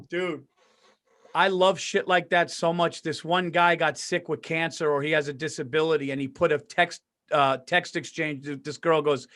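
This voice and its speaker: A man with a New York accent and a higher-pitched voice, co-hosting a podcast. He tells animated stories and laughs easily, in a loose conversational way. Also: a little slow. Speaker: podcast co-host. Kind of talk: casual chat.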